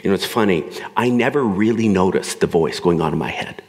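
Deep-voiced man preaching in a hall. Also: expressive, fairly quick. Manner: conversational preaching, acts out quoted voices. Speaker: pastor. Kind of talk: sermon.

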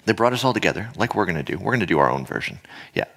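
A man's voice: low-pitched, big pitch swings, very fast, gravelly, fairly bright tone. A man in his fifties speaking earnestly and reflectively to a gathering, sharing personal experience. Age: 50s. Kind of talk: reflective spoken talk to an audience.

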